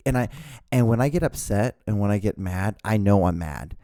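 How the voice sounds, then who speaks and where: Man, podcast host, rambling, profane, mellow tone, dry sound. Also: fairly low pitch, fast talker, no echo. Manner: rambling, profane, many restarts.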